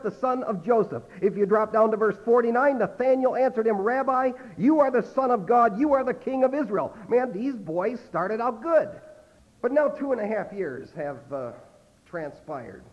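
A man preaching an expository sermon as a pastor, emphatic, his loudness rising and falling. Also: sits high. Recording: muffled sound with long hall reverb.

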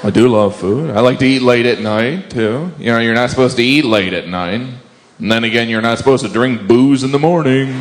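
A man's voice: medium pitch, brisk. A man doing a self-mocking stand-up routine, slipping into quoted voices as he goes. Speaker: stand-up comedian.

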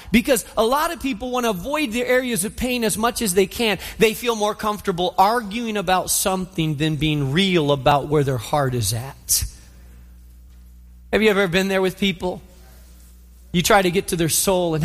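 A man preaching a sermon, telling a story in an animated way and acting out scenes. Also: very high voice, moderate pace. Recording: long hall reverb.

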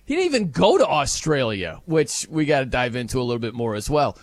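A man hosting a sports talk show, animated and incredulous, laughing as he talks. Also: medium pitch, fairly quick, dry recording.

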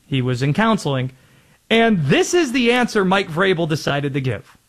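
High-voiced male sports talk host. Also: sing-song, moderate pace, a little hiss or hum. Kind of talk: sports talk show debate.

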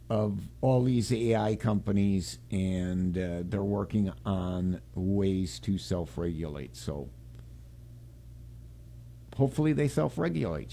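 A male radio talk host with a gravelly, dark, mellow voice. He chats casually on air, rambling and restarting his sentences. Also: lowish voice.

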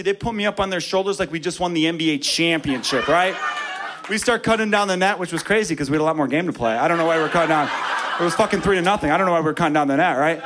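A man's voice: a little high, fast, noisy background. A man telling a story in stand-up, profane and self-mocking. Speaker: stand-up comedian.

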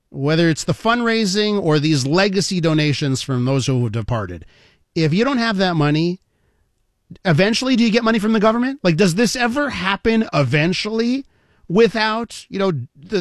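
A man's voice: high voice, no room sound, studio quality. A man hosting an interview, asking questions in a chatty, playfully teasing way. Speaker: radio interview host. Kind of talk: conversational interviewing.

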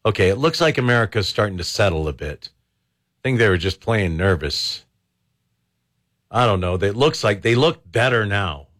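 A man's voice: on the low side, expressive, normal speed, fairly bright tone. A man hosts a radio talk show, chatting loosely and tossing off sarcastic asides. He sits close to a studio microphone and keeps the commentary casual.

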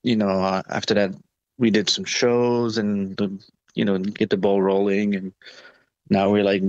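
A man's voice: on the low side, flat delivery, unhurried, no room sound, dull audio. A man answering interview questions about touring, talking casually with many fillers and restarts. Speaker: touring musician, interview guest.

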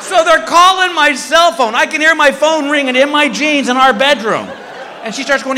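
A man doing stand-up, telling a story in a lively, animated way and acting out other people's voices. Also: normal speed, slight background noise. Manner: animated, acts out a high-pitched wife's voice. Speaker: stand-up comedian. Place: comedy club stage with live audience. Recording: live club recording, hall reverb, crowd.

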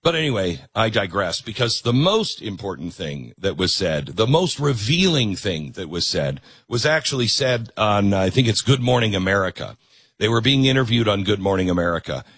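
A man hosting a political commentary show, sarcastic and animated. His husky voice swings widely in pitch. The sound is close and dry. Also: normal speed, no echo. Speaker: host.

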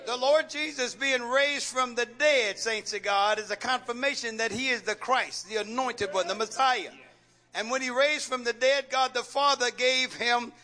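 The pastor's voice is extremely high, bright and forceful, and he keeps a moderate pace. His sermon has the congregation answering his called-out questions, and he repeats phrases alongside folksy jokes.

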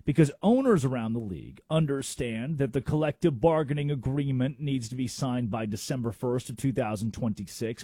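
A man's voice: mid-range voice, warm tone, slightly rough, dry recording, clean studio sound. A man hosting a sports talk radio show, making emphatic arguments with rhetorical questions.

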